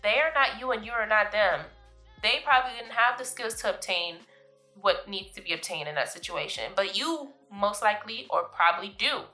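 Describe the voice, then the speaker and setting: A woman's voice: mid-range voice, lively intonation, normal speed, pushed and bright, faint music behind. A woman hosting her vlog, giving casual, emphatic life advice, often laughing and calling listeners "boo". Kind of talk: casual motivational talk to camera.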